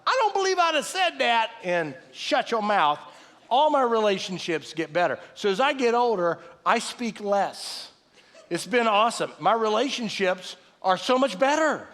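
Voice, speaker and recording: Fifties guy preaching, kinda high voice, folksy and animated, big reverby church hall. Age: 50s. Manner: animated, folksy preaching with self-deprecating asides. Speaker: pastor. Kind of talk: sermon. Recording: live sermon with long hall reverb.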